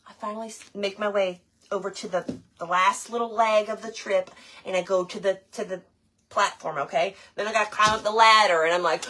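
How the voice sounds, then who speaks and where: A woman, telling a story in a chatty, animated way to her viewers while she does a craft project. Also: mid-range voice, a little fast. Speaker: craft vlogger.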